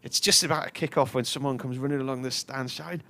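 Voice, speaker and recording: A man's voice: mid-range voice, fairly even intonation, fast, creaky, hardly any pauses, a bit bright. A man, commentating on live cricket and telling a long, chatty anecdote. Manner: chatty storyteller, puts on voices for characters in his tales.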